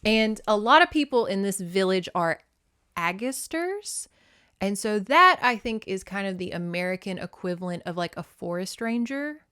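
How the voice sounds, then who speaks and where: A woman's voice: mid-range voice, expressive, normal speed, bright, forceful tone, clear, resonant tone, no room sound, clean studio sound. A woman hosting a podcast, chatting casually with laughs and the odd swear word while summarizing and reading from a novel. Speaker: podcast host. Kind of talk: casual chat and read-aloud.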